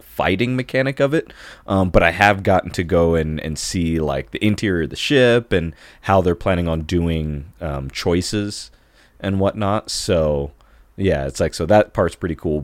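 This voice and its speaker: A man's voice: deep voice, no room sound. A man co-hosting a podcast in casual chat, rambling along with lots of fillers like "like" and "you know". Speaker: podcast co-host and voice actor.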